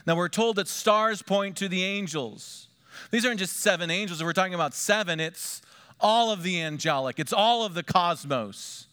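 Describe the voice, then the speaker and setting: A middle-aged man preaching a sermon as pastor, moving between hushed, quiet asides and lifted, emphatic lines. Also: high-pitched, moderate pace, smooth.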